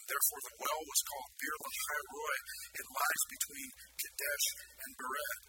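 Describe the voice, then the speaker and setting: A man preaching a sermon in an animated way, putting questions to the congregation. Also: very high-pitched, normal speed, over loud music, rough recording. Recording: loud background noise.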